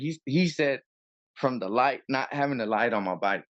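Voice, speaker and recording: A man tells his story in a loose, animated way and slips into the other side's lines as he goes. His voice sits in a middle range. The audio is dull and lo-fi. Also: medium pitch, brisk. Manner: animated, acts out both sides of arguments. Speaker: copwatcher guest. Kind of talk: casual storytelling interview.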